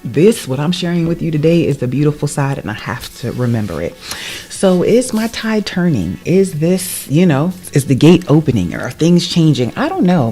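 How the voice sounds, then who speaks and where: A middle-aged woman who works as a real estate agent, sharing a personal testimony in a casual vlog. She talks emphatically and repeats phrases for stress, moving between soft asides and excited bursts. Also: deep voice, moderate pace, slightly rough, soft background music.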